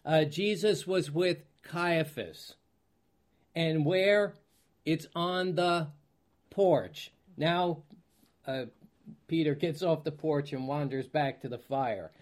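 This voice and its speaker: A man teaching from the Bible as a pastor, reading scripture aloud and often pausing to find his place. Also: fairly high pitch. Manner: slow, searching, clears throat, loses place; reads scripture aloud in King James wording.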